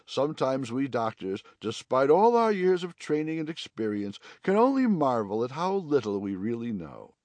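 A kindly family doctor speaking earnestly, a little grand about his profession, as a male narrator reads him. The voice has lively pitch and a dry, close storybook sound. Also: normal speed, hardly any pauses, no echo, natural voice.

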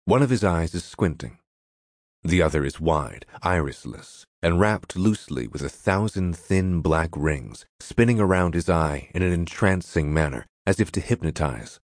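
A man with a very low voice reads an audiobook in a measured, descriptive way. The recording is dry and close, with no room sound. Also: animated, no room sound. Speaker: narrator. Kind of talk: audiobook narration.

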